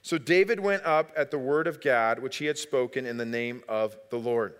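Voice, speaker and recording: A middle-aged male pastor preaching a sermon, lively in his storytelling and acting out family voices. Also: mid-range voice, moderate pace, smooth. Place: church sanctuary. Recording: long hall reverb.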